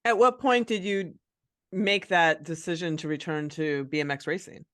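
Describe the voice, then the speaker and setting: A man's voice: fairly high pitch, moderate pace, a bit bright, no echo, clean studio sound. A man hosting an interview, responding in a supportive, affirming way. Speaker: interview host.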